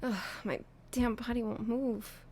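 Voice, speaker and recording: A woman's voice: on the high side, little pitch movement, a little slow, mellow, slight background noise. A woman reading as a groggy, defiant captive. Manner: groggy, then defiant and crude. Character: drugged young woman held captive, defiant.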